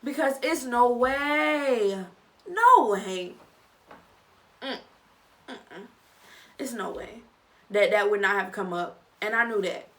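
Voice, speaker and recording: A young woman vlogger giving a casual, chatty review, with animated, dramatic reactions. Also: fairly high pitch, slow pace, recorded from a distance. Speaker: vlogger reviewing a reality show. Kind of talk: casual chat.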